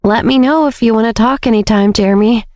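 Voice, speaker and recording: Woman doing a caring young woman, careful, gentle, audiobook voice. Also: a little high, fairly quick, no room sound, clean studio sound, pitched above the performer's own voice, lightly acted. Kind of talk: audiobook character voice.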